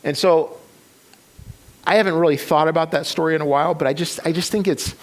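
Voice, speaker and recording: A man's voice: a little high, steady tone, fairly quick. A man preaching a sermon, retelling a story with many restarts and quoted voices. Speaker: pastor. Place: church sanctuary.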